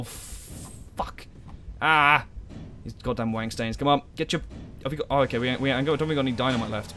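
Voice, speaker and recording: A young man giving sweary, sarcastic commentary while playing a game as a let's play host. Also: fairly high pitch. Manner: sweary, sarcastic, exasperated outbursts. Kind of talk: gameplay commentary.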